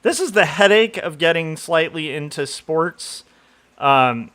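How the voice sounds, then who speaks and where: A man's voice: fairly high pitch, animated, measured pace, sharp tone. A middle-aged man from Southern California chatting casually on a livestream, rambling with lots of fillers and laughing at himself. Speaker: comic artist streamer.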